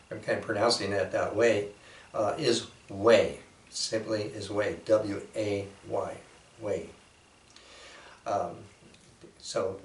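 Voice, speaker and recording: A man giving a reflective, unhurried talk, with measured pauses and frequent fillers. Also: fairly low pitch. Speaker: speaker presenting a painting. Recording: roomy echo from a distant mic.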